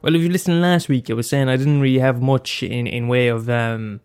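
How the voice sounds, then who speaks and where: Soft music plays behind a man rambling through his solo podcast, profane and loose, full of fillers and restarts. He speaks a little fast at medium pitch, his tone steady, smooth and somewhat dark.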